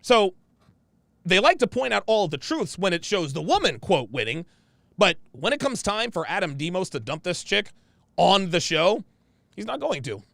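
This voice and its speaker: A man's voice: high voice, sing-song, normal speed, gravelly, a bit bright, dry recording. A man hosting a casual livestream, reading viewer comments aloud and reacting in a blunt, slangy way, often saying the same phrase twice.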